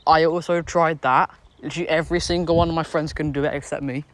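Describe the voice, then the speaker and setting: Speaking fast in a fairly high, steady voice, a British man live-streams from his phone on a street, chatting casually with viewers. The recording is dry. His talk rambles and repeats itself, packed with fillers and restarts.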